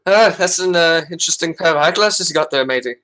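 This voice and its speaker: Wry, bright-voiced male player. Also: a little high, fast, poor audio. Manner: sarcastic, wry. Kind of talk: casual tabletop play.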